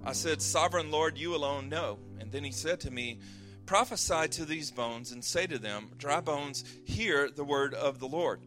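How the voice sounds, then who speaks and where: A man preaching a sermon, reading scripture slowly and earnestly, then praying and explaining in a conversational way with some fillers and restarts. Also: fairly high pitch, a bit bright, faint music behind. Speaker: pastor.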